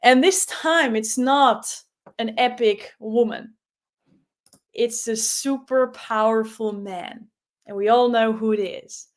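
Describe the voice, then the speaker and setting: High-voiced woman hyping up the crowd. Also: slow. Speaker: event host introducing a speaker. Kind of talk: stage introduction.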